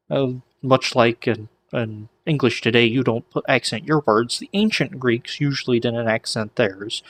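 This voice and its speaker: A man teaching ancient Greek in a relaxed, chatty lesson, with frequent restarts and small jokes. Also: mid-range voice. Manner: relaxed, many restarts and asides, light joking. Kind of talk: casual whiteboard lesson.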